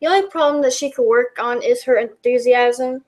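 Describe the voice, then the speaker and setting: A woman's voice: a little high, moderate pace, darkish tone. A woman reading out questions and answering them in a casual, rambling way, full of fillers and restarts. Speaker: YouTube backyard wrestling commentator.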